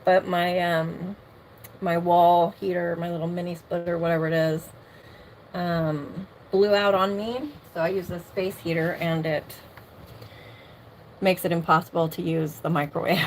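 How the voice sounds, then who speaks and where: Speaking slowly in a lowish, slightly mellow voice with fairly even intonation, this middle-aged livestream host chats casually from her home. She laughs a lot and greets viewers by name over a streaming mic that carries a little hiss or hum.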